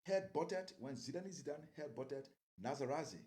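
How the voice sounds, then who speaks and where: A man's voice: a little high, lively intonation, normal speed, a little mellow. A man giving political commentary as an interview guest, rambling and repeating words as he grows heated.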